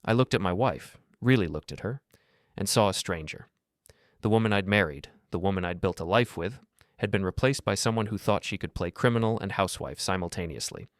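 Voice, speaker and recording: A man narrating a scripted first-person story in a steady, gruff, matter-of-fact way. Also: low voice, fairly quick, no room sound, studio quality.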